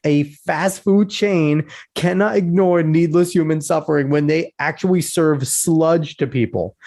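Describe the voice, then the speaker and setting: Sarcastic man ranting, slightly high voice. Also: darkish tone. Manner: blunt, profane, sarcastic ranting. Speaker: podcast host. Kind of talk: commentary reading and reacting to a news article.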